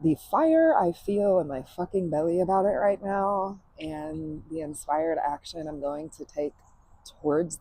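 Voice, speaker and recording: Female podcast host, mellow husky voice, candid and emphatic, outdoor backyard monologue. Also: deep voice, low-quality recording. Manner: emphatic, swears freely, laughs often.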